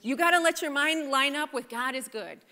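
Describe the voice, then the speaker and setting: A woman preaching a sermon at a church service, animated and conversational, often checking in with her listeners. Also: sits high, moderate pace. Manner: animated, conversational, asks the congregation "right?". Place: church sanctuary. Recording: church hall reverb. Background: congregation responding.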